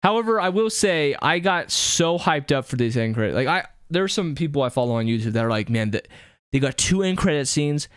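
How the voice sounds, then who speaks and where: Male podcast co-host, smooth resonant voice, very expressive pitch, enthusiastic storyteller, dry close mic. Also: a little fast, no room sound. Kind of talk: casual chat.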